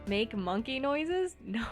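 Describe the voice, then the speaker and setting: A woman's voice: on the high side, sing-song, drawn-out words, soft background music. Giggly young woman streamer. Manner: giggly, chatty with chat. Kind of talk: casual live-stream reading of a game.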